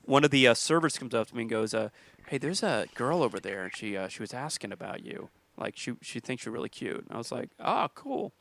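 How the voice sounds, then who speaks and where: Bright-voiced man telling a story. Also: medium pitch, expressive, a little fast, vocal fry. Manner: laid-back, laughing storyteller. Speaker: comedian, podcast host. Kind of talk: casual chat, storytelling.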